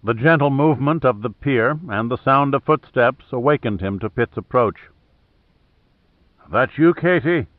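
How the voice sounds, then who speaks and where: A man narrating an audiobook in a steady, measured way. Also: medium pitch, dry recording. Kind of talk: scripted narration. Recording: thin phone-like dry audio.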